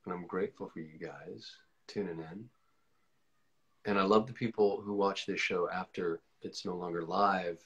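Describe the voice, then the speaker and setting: A man's voice: sits low, steady tone, moderate pace, fairly bright tone, lo-fi sound. A man hosting a casual live stream, encouraging his guest and musing reflectively. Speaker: host.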